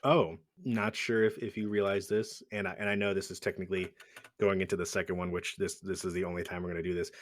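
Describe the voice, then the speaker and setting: A man co-hosting a podcast, chatting casually about films, animated and swearing, acting out quotes. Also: low voice, fast. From Italian heritage. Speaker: podcast co-host. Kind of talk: casual film chat.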